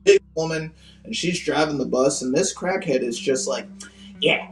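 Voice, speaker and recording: A man's voice: fairly high pitch, moderate pace, reverberant, recorded from a distance, poor audio. Casual male guest, rambling and crude, recorded off-mic with faint music behind. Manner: rambling, profane, lots of "like" fillers. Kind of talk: casual storytelling.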